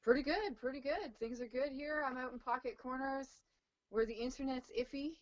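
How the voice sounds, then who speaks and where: A woman's voice: sits high, brisk. A woman calling in by video from a farm in rural Ontario, talking cheerfully and chattily over a patchy connection. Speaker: guest on a video call. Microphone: video call over a patchy internet link. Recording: dull lo-fi video call audio.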